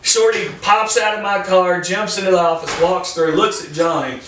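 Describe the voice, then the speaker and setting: A man's voice: high-pitched, normal speed, a little hiss or hum. A man telling stories as a podcast co-host, acting out what others said. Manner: animated storyteller, acts out quotes. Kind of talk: casual storytelling chat. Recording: echoey room, mic at a distance.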